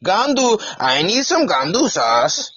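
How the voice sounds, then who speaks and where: Guy putting on a huffy indian-accent scold, high-pitched and drawn out, dry muffled call audio. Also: huge pitch swings, slow pace, sharp tone, slightly rough, dry recording, full character voice. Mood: indignant. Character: indignant scolding Indian man.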